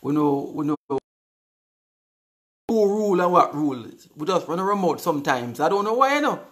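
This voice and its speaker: A man's voice: a little high, very animated, moderate pace, fairly bright tone. A Jamaican man in his forties hosting a casual live stream, reading viewer comments aloud and answering them in an upbeat, chatty way, often repeating words. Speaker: live show host.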